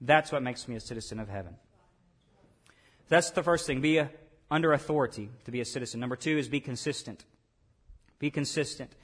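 A man preaching a sermon, earnest and repeating key phrases for emphasis. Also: on the high side. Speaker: pastor.

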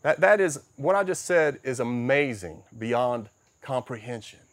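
A middle-aged man preaching a sermon as a pastor, emphatic, swinging between loud stresses and soft, quiet passages. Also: medium pitch, lively intonation, a little slow, no echo.

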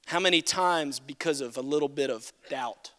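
A male pastor preaching a sermon with animated, humorous delivery. He swings between loud declarations and quiet asides and acts out voices in quoted speech. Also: on the high side, moderate pace.

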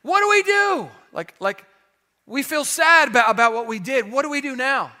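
A man voicing an anxious crowd member who calls out and pleads for an answer in a high, urgent voice. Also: animated, measured pace, bright, forceful tone, exaggerated voice. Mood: pleading.

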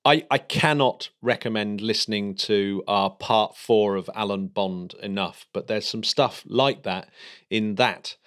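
A man co-hosting a podcast, chatting excitedly about space news with plenty of fillers and restarts. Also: fairly low pitch, unhurried. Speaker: podcast co-host. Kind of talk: casual space news chat.

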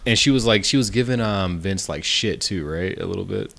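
A man co-hosting a podcast, chiming in casually with quick remarks and agreement. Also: low-pitched, gravelly, fairly bright tone. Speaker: podcast co-host. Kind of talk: casual chat.

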